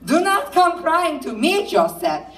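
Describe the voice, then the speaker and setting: A woman's voice: very high voice, big pitch swings, measured pace, a bit bright, slight background noise, voice pushed up, exaggerated voice. A woman voicing a fretful, overprotective middle-aged mother who speaks in a sing-song, repetitive way, heard from far off in an echoey room. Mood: ominous.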